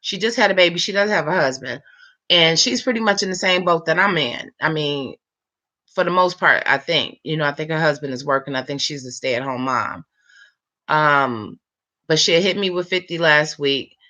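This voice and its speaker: A woman of about fifty chatting late at night, telling a long story time in an animated, rambling way with lots of fillers. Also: low voice, moderate pace. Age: 50s. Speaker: vlogger.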